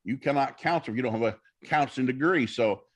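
A man's voice: mid-range voice, fast talker, husky. A minister telling stories on a talk show, folksy and preacherly, acting out the people he quotes. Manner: folksy preacher storytelling, acts out dialogue. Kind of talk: storytelling talk-show guest.

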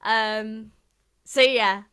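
A woman's voice: fairly high pitch, steady tone, extremely slow, a bit bright, clear, resonant tone. A young woman co-hosting a podcast, chatting casually with lots of fillers and laughter. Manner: bubbly, filler-heavy, laughs often. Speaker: podcast co-host. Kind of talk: casual chat.

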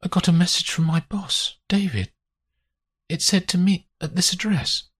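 A woman's voice: on the low side, normal speed, husky, pitched above the performer's own voice. A man voicing a hurt, wary woman. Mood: guarded. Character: injured, wary young businesswoman.

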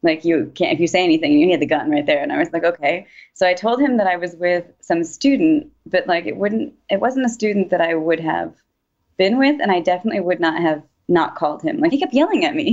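A woman's voice: fairly low pitch, quick pace, muffled recording. A woman recalls events in a casual interview, chatty and full of filler words, and acts out quoted speech.

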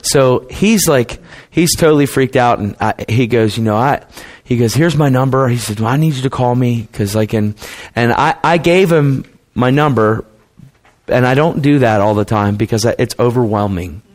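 A man's voice: medium pitch, moderate pace. Man telling a sermon testimony casually. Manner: casual and conversational, calls people man and dude; acts out quoted people in dialogue. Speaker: preacher.

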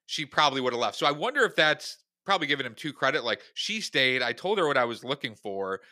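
Guy cohosting a podcast, bright voice, blunt and fed up, dry sound. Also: medium pitch, dry recording. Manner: blunt and exasperated, quoting people with mock voices. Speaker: podcast co-host. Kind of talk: casual chat.

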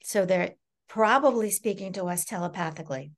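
A middle-aged woman, a psychic medium appearing as a guest in a casual podcast interview, talks a little fast in a mid-range voice. She's animated, laughs often, and acts out the voices she quotes.

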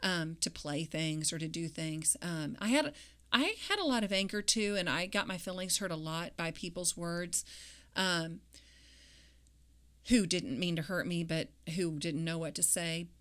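A woman with a somewhat low voice talks about her faith. She speaks reflectively, pausing often and using many fillers. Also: a bit bright. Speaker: guest; grieving mother. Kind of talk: personal faith interview.

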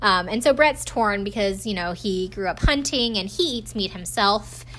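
A woman's voice: medium pitch, animated, moderate pace, fairly bright tone. Chatty snarky woman recapping a show. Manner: chatty and snarky, acts out quotes in funny voices. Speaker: podcast host recapping a reality dating show. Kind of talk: casual recap chat.

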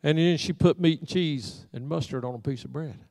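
A man's voice: a little high, fairly quick, creaky, a little mellow, no room sound, long reverb tail. A middle-aged man preaching a storytelling sermon in a church sanctuary, acting out the voices in his folksy stories. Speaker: pastor.

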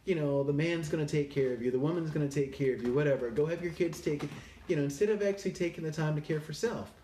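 A man's voice: a little high, warm tone, recorded from a distance, slight background noise. Rambling man, echoey and off-mic. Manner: rambling, many "um" and "you know" fillers. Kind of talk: casual personal reflection. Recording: roomy echo, a bit off-mic.

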